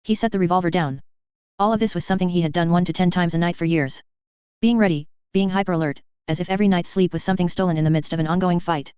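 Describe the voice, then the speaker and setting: A woman narrating a novel in a brisk, steady reading. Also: lowish voice, smooth, no room sound, highs cut off. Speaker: audiobook narrator. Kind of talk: scripted narration.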